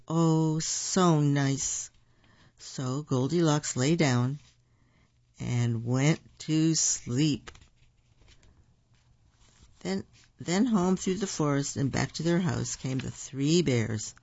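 A storyteller reading picture books aloud to children, slow and gentle, with asides to the listeners. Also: mid-range voice, creaky, no room sound. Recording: dull lo-fi recording.

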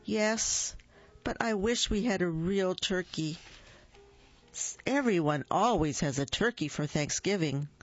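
A storybook reader voicing a soft, sighing female moose wife who longs for a real holiday dinner. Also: mid-range voice, expressive, a little slow, lo-fi sound, soft background music. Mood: gentle.

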